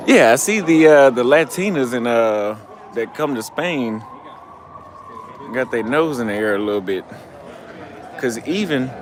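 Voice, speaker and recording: A travel vlogger, tipsy and slightly breathless, talks into a handheld camera on a night street, his mid-range voice animated and measured, with long pauses. Faint traffic and city hum run behind him. His casual monologue is loose, rambling, and profane, often trailing off mid-thought.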